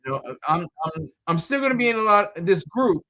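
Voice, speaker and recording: A man's voice: high-pitched, animated, fairly quick, pushed and bright. A man talking in a loose, rambling monologue, full of fillers, repeated words and restarts.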